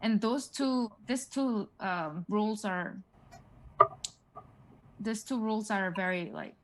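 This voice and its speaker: A woman with as her leads a relaxed one-on-one lesson. She talks in loose, hesitant explanations full of fillers and says each word slowly for her student to copy. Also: mid-range voice, noisy background. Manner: explains haltingly with many "like" and "um", models words for repetition. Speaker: Korean language tutor. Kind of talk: casual one-on-one language lesson.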